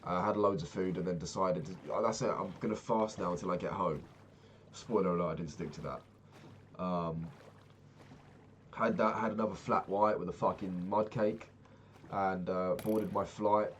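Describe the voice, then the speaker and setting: A young man with a low voice and a little hiss or hum in the recording tells a rambling, profane travel story in a casual vlogger style. His retelling is animated and wanders all over the place.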